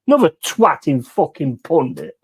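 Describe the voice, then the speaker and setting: A man reacting live to a football match and ranting at the referee. He swears constantly. His voice swings widely in pitch as he rages. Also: huge pitch swings, normal speed, darkish tone, breathy edge. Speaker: watch-along host.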